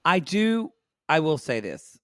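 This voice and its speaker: A man co-hosting a podcast, recapping a reality show in casual chat, agreeable and quick with interjections. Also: fairly high pitch, sing-song, fairly bright tone. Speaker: podcast co-host.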